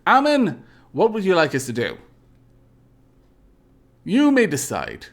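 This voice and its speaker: A man's voice: sits high, huge pitch swings, slow pace. A man streaming a space game live, reading event text aloud theatrically and answering chat in polite, formal phrasing.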